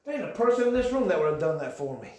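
A man preaching a sermon, building into shouted emphasis. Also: high voice, very animated, rapid-fire. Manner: impassioned, rising to shouts. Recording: echoey church room.

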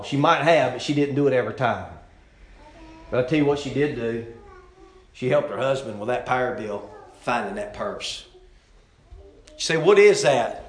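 A middle-aged man preaching a folksy sermon in a church, swinging from loud exclamations to soft asides. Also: mid-range voice. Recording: echoey church room.

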